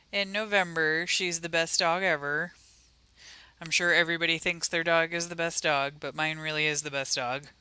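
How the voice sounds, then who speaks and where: A woman's voice: fairly low pitch, pushed and bright, smooth, dry recording. A woman hosting a casual livestream, chatting and talking sweetly to her pets. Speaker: livestream host.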